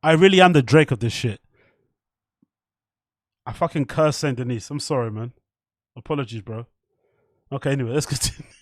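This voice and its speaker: Young man, live-stream host, excitable, swears a lot, dry close sound. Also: medium pitch, normal speed, pauses often, no room sound. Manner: excitable, swears a lot, laughs often, mock French bits. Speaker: streamer host reacting to chat and fights. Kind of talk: casual live-stream chat.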